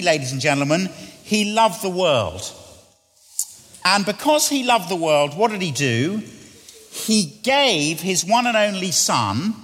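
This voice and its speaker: A middle-aged man preaching a sermon, often questioning the congregation and sinking to quiet, hushed lines. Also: sits high. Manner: asks the congregation questions, drops to quiet near-whispers. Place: church. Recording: long church reverb.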